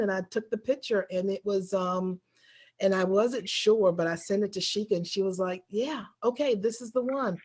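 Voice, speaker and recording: A woman's voice: on the low side, darkish tone. A woman who took a workshop, sharing her experience casually and hesitantly over a video call, with many ums. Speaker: workshop participant.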